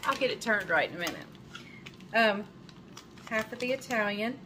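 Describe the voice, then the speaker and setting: A woman with a fairly high, expressive voice hosts her own cooking show from her home kitchen, speaking at a moderate pace over background noise. She chats casually while cooking, with lots of fillers and self-corrections.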